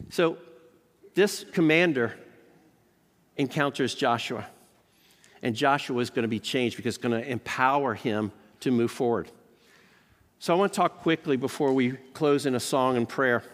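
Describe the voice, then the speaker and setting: An American man, a professor, giving a lively chapel sermon full of personal stories. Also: fairly quick. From United States. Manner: animated storyteller, jumps up in pitch when excited. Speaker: professor preaching at a college chapel. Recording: long hall reverb.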